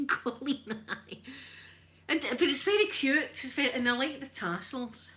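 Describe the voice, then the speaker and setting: A woman's voice: high-pitched, very animated, takes it slowly, bright, forceful tone. A Scottish woman chatting casually on a live stream, self-mocking and laughing often as she talks to her viewers. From Scotland. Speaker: livestream host.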